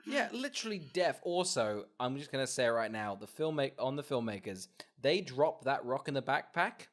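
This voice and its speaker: Young man with sarcastic, deadpan recaps. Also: medium pitch, moderate pace. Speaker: podcast co-host. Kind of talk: casual film-review chat.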